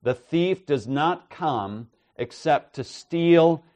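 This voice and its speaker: A man preaching an expository sermon with measured, emphatic delivery, often checking in with "right?" and "okay?". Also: on the high side, expressive, a little mellow, dry recording.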